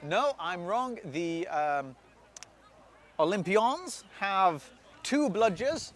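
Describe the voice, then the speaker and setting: A chatty male sports commentator calls a match on his own from beside an outdoor pitch, his voice sitting fairly high. He jokes at his own expense and stumbles over the team names as he goes. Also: big pitch swings, extremely slow. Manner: self-deprecating, chatty, loses track of names. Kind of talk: solo live play-by-play commentary.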